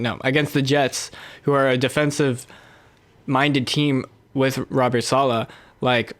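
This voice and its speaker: A young man co-hosting a podcast, talking sports in a measured way with many fillers and hedges. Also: medium pitch, dry recording. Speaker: podcast co-host. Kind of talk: casual sports chat.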